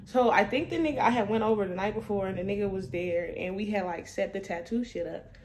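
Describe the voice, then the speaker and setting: Young woman, mid-pitched, casual storytime vlogger who curses freely and laughs a lot. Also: fast talker, a little mellow, a little hiss or hum. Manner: profane, loose and laughing.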